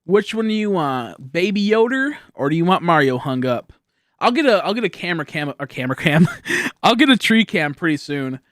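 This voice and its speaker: A man's voice: on the high side, sing-song, normal speed, a bit bright, no echo. Rambling young man streaming, dry close mic. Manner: rambling, laughs often, chats with viewers. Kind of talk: casual live-stream chat.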